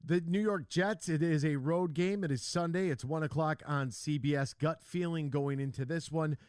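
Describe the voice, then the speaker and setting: A man hosting a sports talk radio show, casual and jokey, telling stories with animated voices. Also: fairly high pitch, normal speed, clean tone, no room sound, clean studio sound. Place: radio studio. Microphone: studio microphone.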